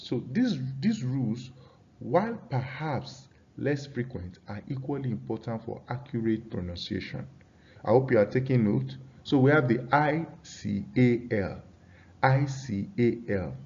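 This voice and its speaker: A man with a Nigerian English accent leads a pronunciation class at a mid pitch. He reads rules aloud and says each example word slowly several times, checking that his students follow. The recording sounds a little dull and lo-fi. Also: animated, a little mellow. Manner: reads from slides, drills example words slowly; asks students questions. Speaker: English teacher. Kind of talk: classroom lesson.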